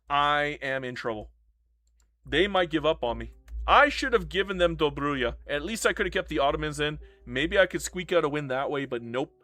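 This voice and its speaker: A man's voice: a little high, fairly bright tone, no echo. A man streaming live gameplay commentary, dramatic and self-mocking, swearing freely. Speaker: game streamer.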